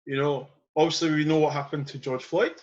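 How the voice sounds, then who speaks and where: A man's voice: fairly high pitch, fairly even intonation, a little fast, muffled recording. A man hosting a podcast, arguing his point with passion and leaning on "you know" and "period". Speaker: podcast host. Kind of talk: passionate casual debate.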